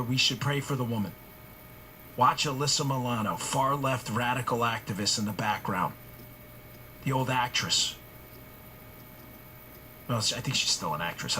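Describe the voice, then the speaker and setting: A man in his forties hosting a talk show, building a heated monologue out of repeated rhetorical questions. His voice is bright and forceful, sitting at a middle pitch. A faint low rumble of noise runs underneath. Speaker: political talk show host. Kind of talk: heated political commentary monologue.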